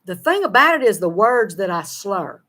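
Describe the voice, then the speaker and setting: A woman's voice: mid-range voice, big pitch swings, pushed and bright. Folksy Southern American woman. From Southern United States. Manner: folksy, laughs often, talks fast and slurs words. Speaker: show co-host. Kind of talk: casual chat reading viewer comments.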